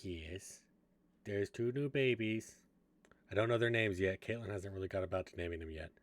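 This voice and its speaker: A young man streaming, chatting casually with viewers in a relaxed, rambling way. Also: fairly low pitch, normal speed, no echo.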